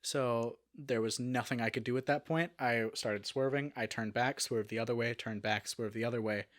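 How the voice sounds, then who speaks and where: A young man talks through a story as an interview guest, at an average pitch. His telling is animated and loose, full of fillers, quick restarts and acted-out quotes. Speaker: guest, actor.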